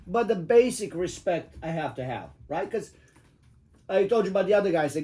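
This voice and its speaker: A man's voice: on the high side, expressive, fast, dark tone. A middle-aged man telling cab-driving stories in casual chat, profane and emphatic, rambling with lots of fillers.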